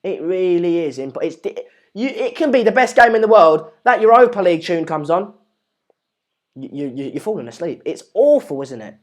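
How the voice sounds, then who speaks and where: A man's voice: high voice, big pitch swings, moderate pace. A man with an English accent hosting a live stream, chatting casually and reading out viewer comments in a rambling, jokey, self-deprecating way. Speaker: livestream host.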